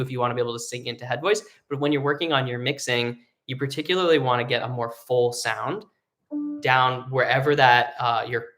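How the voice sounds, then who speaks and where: A man leads a live online singing lesson, talking it through loosely with frequent ums and likes. His speaking voice sits in a middle range. He sounds easygoing and conversational as he explains. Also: mid-range voice. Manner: relaxed explaining with many fillers, breaking into sung vocal demos. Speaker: singing teacher.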